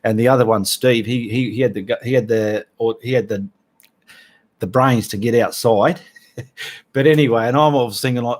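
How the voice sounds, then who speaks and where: A man's voice: medium pitch, moderate pace. A middle-aged Australian man hosting a casual livestream, chatting in a rambling way and greeting viewers by name. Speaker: livestream host.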